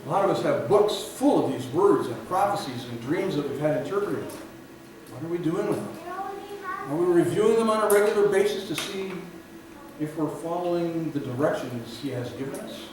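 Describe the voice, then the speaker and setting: A man preaching a sermon as the pastor, telling stories and building to loud emphatic peaks before dropping to quiet, drawn-out phrases. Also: on the high side, expressive, a crowd in the background. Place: church sanctuary. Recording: echoey hall, recorded from far off, audible room noise.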